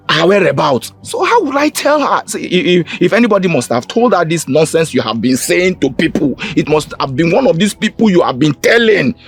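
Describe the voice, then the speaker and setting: A man's voice: high voice, slightly rough, full character voice. An actor with a Nigerian English accent playing a defensive young man who pleads his innocence to friends in a film scene. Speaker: accused friend. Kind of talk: Nollywood film acting. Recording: film audio with background music.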